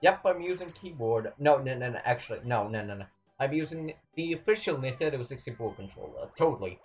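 A young man commentating his own gameplay, excitable, swinging between yelling and muttering at the game. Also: medium pitch, moderate pace, faint music behind. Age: young adult. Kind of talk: let's play commentary.

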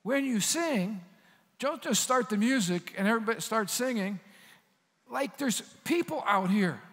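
A male pastor delivering a sermon in a church sanctuary, talking with the congregation as much as preaching to them. His voice sits high for a man. The room carries a long reverb. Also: normal speed. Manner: conversational, animated preaching with asides to the congregation.

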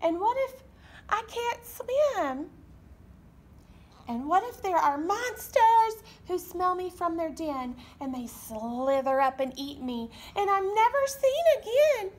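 A woman voicing a small boy penguin chick in a storybook reading, speaking in a high, breathless childlike voice. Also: big pitch swings, slow, darkish tone, heavily acted. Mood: worried.

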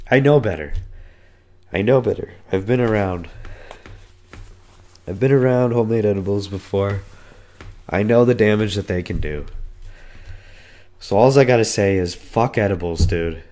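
A man in his twenties hosting a solo podcast, hoarse from being sick, telling a rambling, profane story. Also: moderate pace, long pauses, a little mellow. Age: 20s. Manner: voice cracks and breaks on high notes. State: hoarse, losing his voice from illness. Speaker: podcast host. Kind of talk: casual solo podcast monologue.

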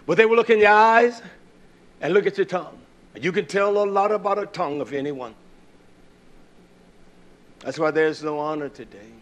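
A middle-aged man preaching a sermon in a somewhat high voice. He swings from loud, shouted declarations to low, muttered storytelling. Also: slight background noise.

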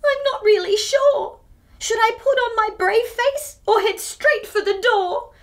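A woman's voice: very high voice, unhurried, a bit bright, pitched above the performer's own voice. A woman voicing a nervous but brave young schoolgirl in a read-aloud storybook, speaking earnestly. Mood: unsure. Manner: earnest, determined.

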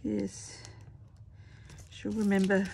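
Slow, chatty woman crafting at home. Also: mid-range voice, monotone, vocal fry, dark tone, a little hiss or hum. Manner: chatty, talks herself through each step with murmured asides. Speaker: craft channel host. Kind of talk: casual crafting chat to camera.

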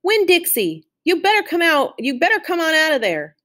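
A woman's voice: mid-range voice, expressive, normal speed, a bit bright, natural voice. A woman voicing a bold ten-year-old girl in a storybook read-aloud. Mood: hollering. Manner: bold, hollering.

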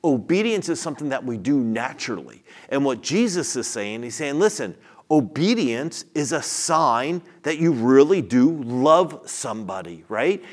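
A middle-aged man preaching a sermon as a church pastor, conversational and personal, building to louder emphasis. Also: medium pitch, sing-song, moderate pace. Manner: conversational, with self-deprecating asides and rising emphasis. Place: church sanctuary.

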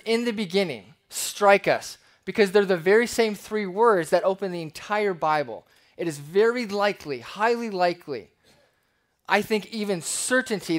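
A man preaching a sermon as pastor, conversational and lively, with playful asides. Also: sits high.

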